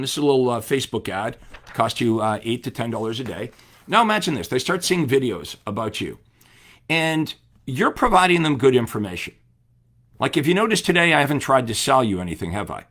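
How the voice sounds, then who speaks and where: A man coaching real estate agents in a seminar talk, energetic and asking the audience questions. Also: mid-range voice.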